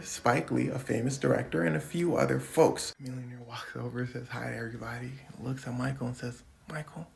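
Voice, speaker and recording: A storyteller retelling a celebrity anecdote casually, swinging between hushed whispers and loud bursts. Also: mid-range voice, creaky.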